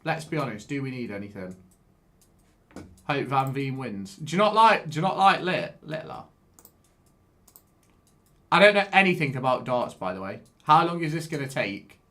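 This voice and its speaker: Male streamer, mid-pitched, excitable and sweary, chatting to viewers while playing a game. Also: moderate pace, pauses often. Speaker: live streamer. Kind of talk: casual live-stream commentary while gaming.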